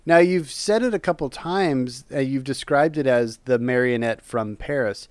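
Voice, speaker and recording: With a smooth, resonant, medium-pitched voice, this man co-hosts a podcast and chats casually at a moderate pace. His enthusiasm shows as he rambles and doubles back to restart his words. The recording is close and dry, with no room sound.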